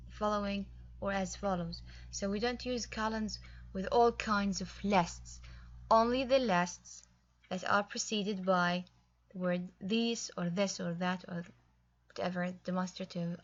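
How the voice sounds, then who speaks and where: A woman's voice: mid-range voice, highs cut off. A woman teaching a recorded English grammar lesson, explaining patiently step by step with small fillers.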